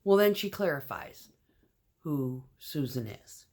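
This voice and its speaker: A woman's voice: deep voice, animated, slow, darkish tone. A woman telling a rambling, profane story in casual vlog style, often dropping to a whisper. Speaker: vlogger.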